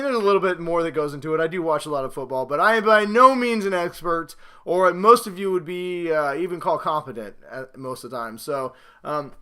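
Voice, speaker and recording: A man hosting a casual football talk show, rambling and self-mocking, swinging between loud hype and low mutters. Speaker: podcast host.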